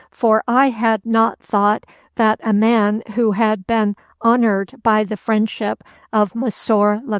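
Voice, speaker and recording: A woman giving voice to a hot-headed young French nobleman in a storybook reading, spitting out indignant accusations. The delivery is slow and the pitch stays flat on a slightly high voice. The sound is dry and close. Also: no room sound.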